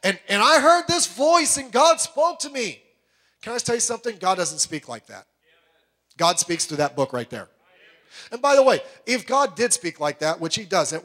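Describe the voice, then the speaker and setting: A man with a high, light voice preaches a sermon. He talks with strong emphasis and keeps firing rhetorical questions at the congregation. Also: a bit bright. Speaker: pastor.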